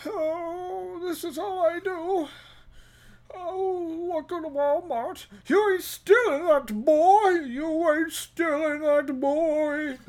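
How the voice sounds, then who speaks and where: A woman voicing a haughty store door greeter with a shrill, menacing drawl. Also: steady tone, slow pace, dark tone, heavily acted.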